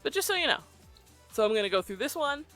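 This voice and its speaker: A bright, forward voice walks through a software tutorial in an easygoing, conversational way, dropping in ums as it goes. Soft music plays faintly underneath. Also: sits high, quick pace. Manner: relaxed, chatty, with frequent ums. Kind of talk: casual tutorial explanation.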